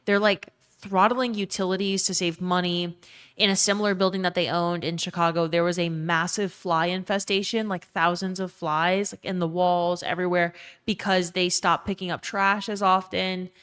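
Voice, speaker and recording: A woman's voice: fairly low pitch, flat delivery, normal speed, fairly bright tone, clean tone. A woman live streamer chatting casually with her chat, answering them and telling a tender story, with lots of "um" and "like" and some swearing.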